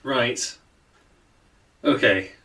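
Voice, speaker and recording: A man's voice: mid-range voice, extremely slow, fairly bright tone. A man playing a stiffly polite, weary adventurer who speaks in formal terms. He sounds slightly distant from the mic in this tabletop game.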